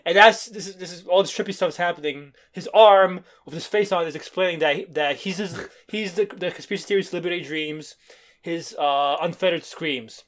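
A man co-hosting a casual podcast, excitedly retelling a comic's plot with lots of restarts. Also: high-pitched, a little fast. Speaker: podcast co-host. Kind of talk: casual comic book discussion.

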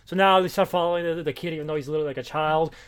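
A man chatting casually about comics, with fast, stumbling restarts. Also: on the high side, fairly even intonation, a bit bright, clean tone.

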